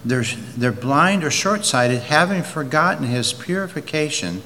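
A man preaching slowly and deliberately, leaning on key words as his bright voice carries. His sermon rings through a hall with a long reverb trail. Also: on the high side, sing-song, a little hiss or hum. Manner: slow, deliberate, with emphatic rises.

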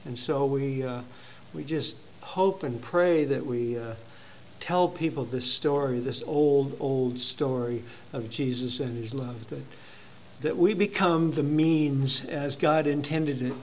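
A male pastor preaching a sermon in a conversational, halting way, telling a personal story to his congregation. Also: medium pitch, slight background noise.

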